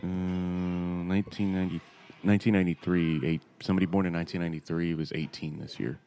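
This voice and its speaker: A man's voice: low voice, level tone, fast talker, warm tone, clean tone. A man co-hosting a casual chat, talking loosely, laughing easily and reading items off a list. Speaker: podcast co-host.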